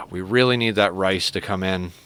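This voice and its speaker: A man's voice: deep voice, a little slow, a bit bright, smooth. A man streaming a game, chatting casually and joking with his viewers. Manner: chatty, joking, talks to chat and his cat. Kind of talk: casual live-stream chat while playing.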